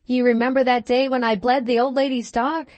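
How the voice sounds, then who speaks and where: A woman's voice: a little high, little pitch movement, fairly quick, a little mellow, no room sound, voice pushed up, lightly acted. Woman reading obstinate plain-spoken farmer, earnest, emphatic, audiobook, dry sound.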